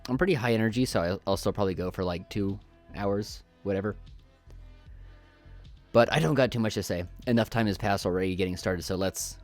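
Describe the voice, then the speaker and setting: A man's voice: on the low side, fairly quick, soft background music. A man doing casual live game commentary, chatty and jokey, thinking aloud as he plays into a desk microphone. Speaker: streamer.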